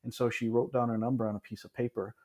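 A man in his thirties from Michigan, a podcast guest telling his story in a relaxed, reflective way, with frequent restarts and asides. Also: medium pitch, fast. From Michigan, USA. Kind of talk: casual storytelling in an interview.

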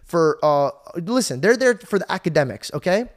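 Young male podcast host with a slightly high voice, animated casual storytelling, swears freely. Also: normal speed. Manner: animated, swearing, says "bro" often.

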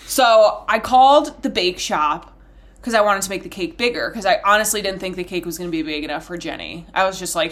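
A young woman in her twenties telling a long family story on a podcast in a casual, profane, animated way. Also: lowish voice, fairly quick. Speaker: podcast co-host.

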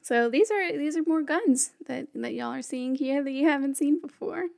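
A woman's voice: sits high, normal speed, creaky, a little mellow. A woman narrating a tabletop western game as game master, describing scenes with frequent fillers.

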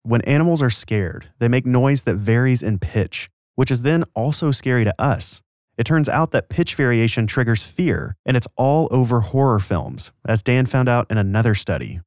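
A man hosting a podcast, giving scripted narration with a clear, even storytelling delivery. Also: mid-range voice, moderate pace, no room sound, clean studio sound. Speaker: podcast host.

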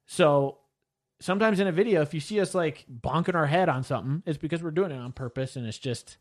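A man's voice: on the high side, fairly quick. A man co-hosting a casual chat show, rambling a little and reading listener comments aloud. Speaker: podcast co-host.

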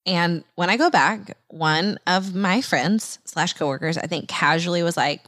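A woman in her thirties hosting a faith podcast, telling a personal story in an animated way and acting out her own past voice. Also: a little slow, no echo, clean studio sound. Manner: animated, acts out her own quoted voice in higher pitch. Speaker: podcast host.

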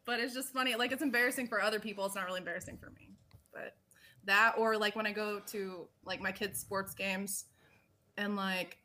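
Chatty, bright-voiced woman telling stories. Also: medium pitch, steady tone, fairly quick. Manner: chatty storytelling with lots of "like". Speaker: podcast guest. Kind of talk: casual chat.

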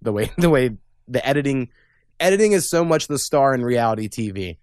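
A man's voice: mid-range voice, expressive, brisk, a little mellow, clean tone, no room sound. Man hosting a podcast, loose and profane, laughs a lot, dry close sound. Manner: profane, rambling, laughs often. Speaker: podcast host. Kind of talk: casual chat.

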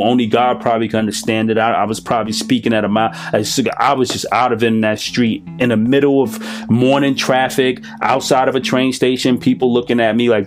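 A man giving a personal recovery testimony, emphatic and repetitive, in a streetwise storytelling manner. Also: mid-range voice. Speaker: recovery speaker.

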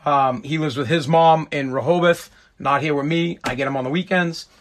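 A man's voice: fairly high pitch, steady tone, normal speed, a little hiss or hum. A man in his thirties hosting his own podcast, ranting in a profane, exasperated and rambling way. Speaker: podcast host. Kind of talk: solo podcast rant.

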